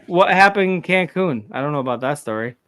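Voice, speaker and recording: A man explaining his point in a casual podcast chat, in a fairly high voice. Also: animated, a little fast, a bit bright, smooth.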